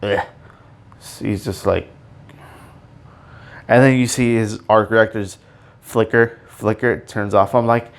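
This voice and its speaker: A man hosting a casual solo podcast, rambling excitedly with many fillers and restarts and sudden emotional outbursts. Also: on the low side, a little slow, long pauses. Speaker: podcast host.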